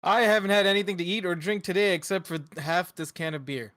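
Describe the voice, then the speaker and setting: A man's voice: high-pitched, fast, fairly bright tone, no room sound, clean studio sound. A man, co-hosting a casual podcast in an easygoing, rambling way. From Canada. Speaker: co-host.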